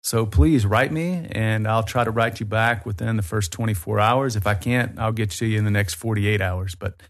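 A man's voice: on the low side, moderate pace. Earnest man with a Southern accent. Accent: American Southern. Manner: earnest, persuasive, inviting. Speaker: tour company guest. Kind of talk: podcast interview.

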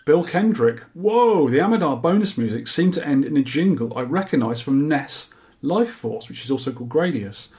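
A man's voice: mid-range voice, animated, fairly quick, a little mellow. Chatty man hosting a podcast. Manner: jokey, chatty, laughs at his own quips. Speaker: podcast host. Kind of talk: casual chat, reading listener feedback.

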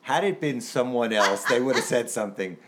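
A man's voice: mid-range voice, fairly quick, background noise. A middle-aged man co-hosting a podcast in casual chat, teasing his partner with dry quips. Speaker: podcast co-host.

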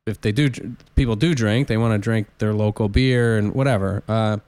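A man's voice: lowish voice, fairly quick, clean tone, dry recording. A man who is a touring stand-up comedian, telling casual rambling road stories with lots of restarts. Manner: rambling, self-interrupting, animated anecdotes. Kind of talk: casual storytelling chat.

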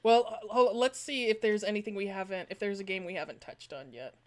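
A young woman co-hosting a podcast in animated, jokey casual chat, laughing often. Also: mid-range voice, brisk. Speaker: podcast co-host.

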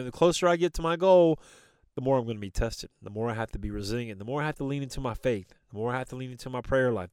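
A man hosting a motivational podcast, urging listeners on with rapid strings of rhetorical questions. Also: mid-range voice, dry recording. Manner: exhorting, repetitive rhetorical questions. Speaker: podcast host and coach.

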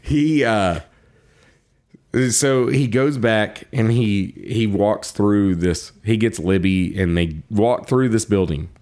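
A man co-hosting a podcast, casually retelling a story, laughing often and acting out the characters' lines in quick quoted voices. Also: on the low side, a little mellow. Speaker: podcast co-host.

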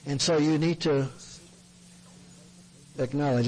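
A man's voice: on the high side, moderate pace, a little hiss or hum, low-quality recording. Earnest folksy male Christian counselor. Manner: earnest, folksy, acts out what people say to him. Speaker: Christian counselor speaking to men. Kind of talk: plain-spoken sermon talk.

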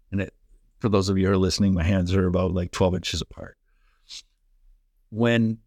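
Middle-aged man, former hockey pro, lively storyteller, lowish voice, dry close sound. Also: dry recording. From Canada. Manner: energetic, fast-flowing anecdotes with quoted dialogue. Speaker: guest, former pro hockey player and coach. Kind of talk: animated storytelling in a podcast interview.

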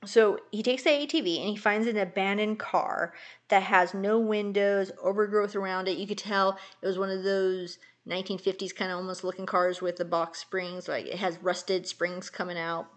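A woman's voice: medium pitch, fairly even intonation, normal speed. Woman, podcast co-host, casual chat, rambling storyteller, lots of fillers.

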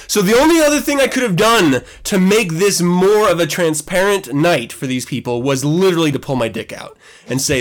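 A man hosting a podcast, telling a story in a casual, animated way, swearing and laughing as he goes. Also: sits high, normal speed. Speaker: podcast host.

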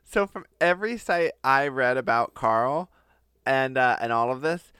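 Clear-voiced man telling a story. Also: mid-range voice, expressive, measured pace, bright, forceful tone, no echo. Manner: laughing, conversational storyteller. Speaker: podcast co-host. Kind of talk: casual storytelling chat.

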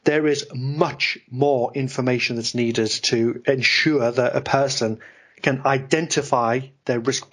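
A man, a guest on a podcast interview, explaining ideas in an animated, talkative way. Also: mid-range voice, slightly rough. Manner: animated, explanatory, self-deprecating about ranting. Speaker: guest, investment expert.

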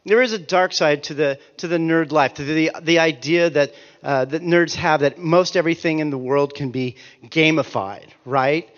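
A man in his forties telling comic stories in an animated, ranting way, swearing and breaking off his own sentences. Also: fairly high pitch, normal speed, long reverb tail, lo-fi sound. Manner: animated, ranting, profane, self-interrupting. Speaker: author and speaker. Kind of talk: comic storytelling talk.

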